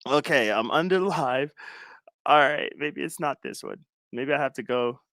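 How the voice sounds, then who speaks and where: A man in his thirties hosting a casual livestream chat, loud and animated, laughing constantly. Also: medium pitch, measured pace, no echo, studio quality. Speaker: livestream host.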